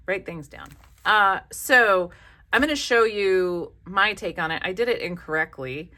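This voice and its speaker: Bright chatty craft vlogger woman. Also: mid-range voice. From American South. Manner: chatty, gushing, self-deprecating. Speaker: craft channel host. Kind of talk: casual crafting vlog.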